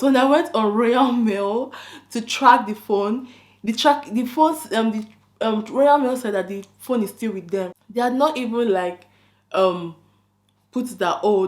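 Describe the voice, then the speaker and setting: A woman chatting casually as she tells a storytime vlog, acting out both sides of a conversation with lots of "I'm like". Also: medium pitch. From London. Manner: animated, quotes both sides of a chat, frequent "I'm like". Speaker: YouTuber telling a story. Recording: echoey room.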